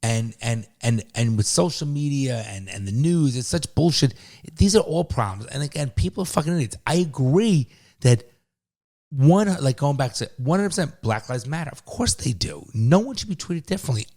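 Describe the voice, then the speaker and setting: A man's voice: mid-range voice, expressive, normal speed, a little mellow. A middle-aged man co-hosting a casual podcast, heated and profane, repeating words as he gets worked up. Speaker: podcast co-host, father.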